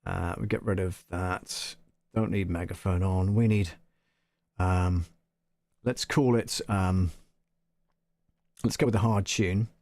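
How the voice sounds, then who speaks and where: A man's voice: low voice, fairly even intonation, slow pace, long pauses, a little mellow. A man hosting a casual live-stream tutorial, chatting and thinking aloud as he tries out audio effects. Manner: chatty, thinking aloud, laughs at own jokes. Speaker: host demonstrating audio gear.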